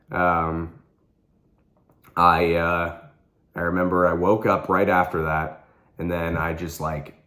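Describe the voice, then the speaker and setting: A man's voice: sits low, a bit bright. A young man vlogging, telling a personal story with earnest intensity and repeating phrases for emphasis.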